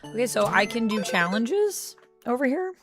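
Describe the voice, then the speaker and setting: A woman's voice: fairly high pitch, sing-song, moderate pace, music in the background. A woman chats playfully with her viewers while she plays a game. She reads their comments aloud and responds in a loose, casual way. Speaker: YouTuber, gaming host. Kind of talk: casual gameplay chat with viewers.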